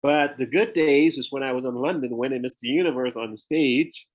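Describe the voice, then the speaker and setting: A man's voice: medium pitch, brisk, low-quality recording. A man with a Southern US accent talks as a podcast guest, with a mid-range voice. He tells his story candidly and laughs often. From Memphis, Tennessee, US Southern. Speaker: guest, retired pro bodybuilder and author. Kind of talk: podcast interview.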